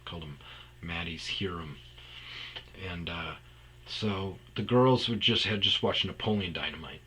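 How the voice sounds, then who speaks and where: Speaking a little slowly in a low, pushed, bright voice, a man rambles through profane funny stories about his past for a podcast, sometimes doing impressions. There's slight background noise, and the recording quality is poor.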